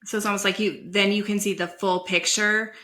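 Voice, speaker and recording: A woman's voice: medium pitch, level tone, fairly quick, sharp tone. A woman co-hosting a podcast, asking questions in an enthusiastic, gushing way with many fillers. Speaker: podcast co-host. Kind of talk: casual interview chat.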